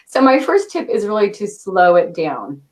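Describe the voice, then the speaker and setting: A woman in her thirties, a company director answering interview questions with a quick cadence and frequent light laughs. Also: mid-range voice, very animated. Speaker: interview guest, product launch director.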